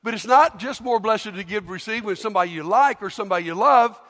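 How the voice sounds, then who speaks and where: A man preaching a sermon as pastor, telling stories with lively acted scenes. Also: high-pitched, fairly quick. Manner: animated storytelling, acts out scenes. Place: large church. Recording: long church hall reverb.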